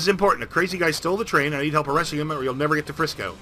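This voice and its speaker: A man narrating a video game playthrough in a jokey, rambling, animated way. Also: a little high, very fast, a little hiss or hum. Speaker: game streamer. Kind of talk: comedic let's-play narration.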